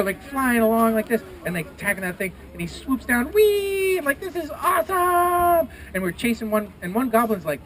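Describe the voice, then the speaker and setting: A man telling a story to a festival audience, lively and playful, gasping and making sound effects as he acts out the characters. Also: high-pitched. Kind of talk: animated storytelling to a live audience. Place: outdoors at a renaissance festival. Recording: noisy outdoor live recording.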